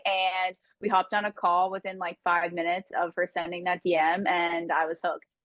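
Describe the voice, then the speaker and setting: A woman's voice: lowish voice, level tone, normal speed, fairly bright tone, no echo. A young woman from New Jersey, a guest chatting candidly in an interview, laughing often and filling her speech with "like". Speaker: guest, dating show contestant. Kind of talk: casual interview chat.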